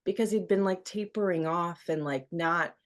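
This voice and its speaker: A woman in her thirties speaks at normal speed in a fairly low voice. She is a radio host and podcast guest, frankly telling an emotional story from her own life and often quoting what people said to her.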